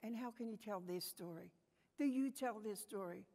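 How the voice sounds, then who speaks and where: An older woman with a New Zealand accent, giving a passionate personal storytelling talk at a conference, moving between soft and emphatic. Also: mid-range voice, moderate pace. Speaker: conference speaker. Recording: long hall reverb.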